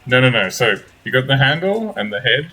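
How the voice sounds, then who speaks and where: A man's voice: medium pitch, sing-song, fairly quick, pushed and bright, slightly rough, low-quality recording. A man running a tabletop game as game master, rambling and hunting for words with playful made-up terms.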